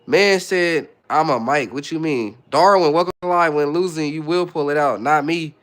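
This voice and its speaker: A young man from California's Bay Area hosts a casual livestream in a fairly high, fairly bright voice at a moderate pace. Laid-back, he reads viewer comments aloud and greets people as they join.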